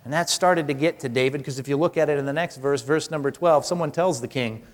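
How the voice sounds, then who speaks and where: A man's voice: fairly high pitch, fast talker. A man preaching a sermon in a conversational way, asking the congregation questions and acting out what people in the passage say. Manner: conversational preaching with rhetorical questions and animated acted-out quotes. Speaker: pastor. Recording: long hall reverb.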